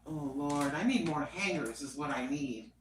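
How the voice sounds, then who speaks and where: A woman's voice: low-pitched, moderate pace, a little hiss or hum, rough recording. An older American woman chatting casually and rambling to her viewers at home. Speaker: vlogger. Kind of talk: casual chat.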